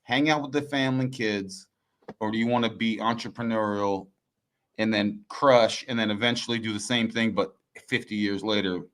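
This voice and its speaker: A man hosting a live discussion, telling an anecdote in a relaxed way and chuckling as he talks. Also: on the low side, moderate pace. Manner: storytelling, chuckles while talking. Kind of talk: casual podcast discussion.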